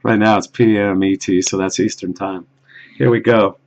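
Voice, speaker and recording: Low-voiced man, slow and gravelly, rambling solo monologue in a halting mutter, muffled lo-fi sound. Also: fairly even intonation. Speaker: video blogger.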